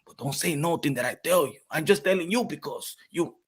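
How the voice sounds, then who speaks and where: A man's voice: fairly high pitch, animated, fairly quick, husky. A man playing a boastful older Puerto Rican party veteran with a Puerto Rican accent who slips into Spanish. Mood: hushed. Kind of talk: comedic character bit.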